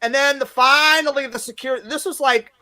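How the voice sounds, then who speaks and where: A woman's voice: high voice, steady tone, a little fast. Brash, foul-mouthed woman comedian in her fifties. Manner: brash, profane, acts out quotes loudly. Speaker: stand-up comedian, guest. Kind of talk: casual interview storytelling.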